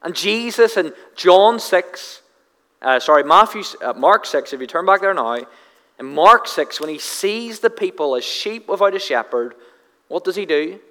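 A man's voice: high voice, expressive, a little slow, sharp tone. A male pastor giving an earnest sermon, often repeating words as he searches for phrasing. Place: church sanctuary. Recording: long church reverb.

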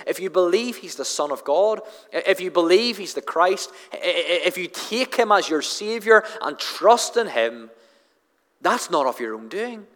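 A man's voice: high-pitched, fairly bright tone. A man preaching an expository sermon in an earnest manner, often repeating words as he drives home a point. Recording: long hall reverb.

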